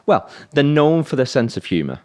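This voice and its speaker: A man's voice: medium pitch, big pitch swings, normal speed, a little mellow. A man co-hosting a podcast in casual chat, questioning and correcting the others. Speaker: podcast co-host.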